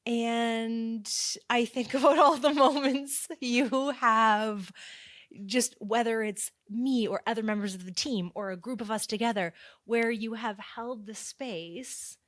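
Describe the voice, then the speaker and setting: A woman co-hosting a podcast, speaking in a thoughtful, drawn-out and appreciative way. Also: on the high side, fairly bright tone, dry recording, clean studio sound. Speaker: podcast co-host. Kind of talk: reflective podcast conversation.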